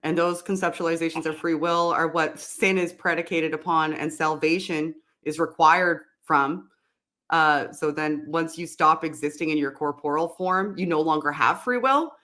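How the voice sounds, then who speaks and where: A woman co-hosting a call-in show, with an Atlantic Canadian accent, talking in an animated way and laughing easily. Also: sits low, moderate pace. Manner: animated, laughs easily, calls people bud. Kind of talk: casual call-in chat.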